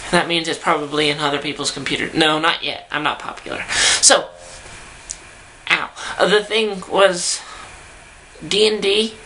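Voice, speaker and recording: A woman's voice: sits low, fairly even intonation, normal speed, long pauses, sharp tone, a little hiss or hum, rough recording. A young woman vlogging from home into her camera mic, chatting casually and rambling with self-deprecating asides. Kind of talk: casual vlog chat. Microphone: camera mic, talking to camera.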